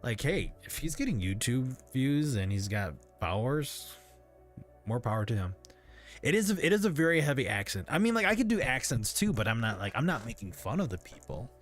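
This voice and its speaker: A man who is an adult parent hosts a livestream in casual chat, rambling and hesitant with frequent restarts. His voice is medium-pitched with big pitch swings, and his pace is brisk over soft background music.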